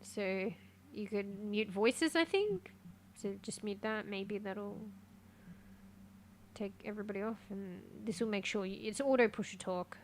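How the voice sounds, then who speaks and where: A woman streaming a game live in casual chat, easily excited and swearing freely, swinging between quiet muttering and loud outbursts. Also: mid-range voice, measured pace, a little hiss or hum.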